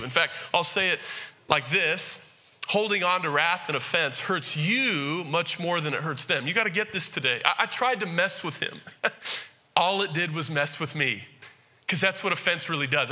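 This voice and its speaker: A man preaching with a high, very bright, ringing voice. He tells a funny story with lively energy and acts out the voices of the people in it before turning to his sermon point. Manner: animated, jokey, acts out quoted voices. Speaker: pastor. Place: church sanctuary.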